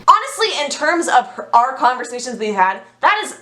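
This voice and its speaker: Animated young woman telling a wild story. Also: high-pitched, moderate pace, slight background noise. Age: young adult. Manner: animated, profane, dramatic storytelling. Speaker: vlogger. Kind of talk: storytime vlog. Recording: echoey room.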